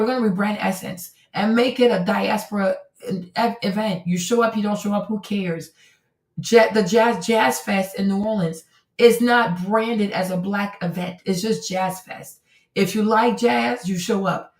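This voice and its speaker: Emphatic woman streamer, roomy distant sound. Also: medium pitch. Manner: emphatic, rhetorical, repeats phrases for effect. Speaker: host. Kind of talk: opinionated commentary stream.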